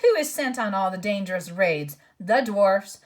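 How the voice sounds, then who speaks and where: A woman's voice: medium pitch, animated, moderate pace, close to an everyday voice. Woman doing a surly male dwarf, cold and grumbling, storybook reading. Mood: bitter. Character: bitter, defiant male dwarf.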